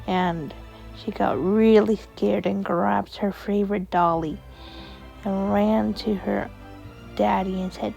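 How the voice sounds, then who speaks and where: A woman telling a bedtime story in a soft, unhurried way. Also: medium pitch, steady tone, vocal fry, soft background music, low-quality recording.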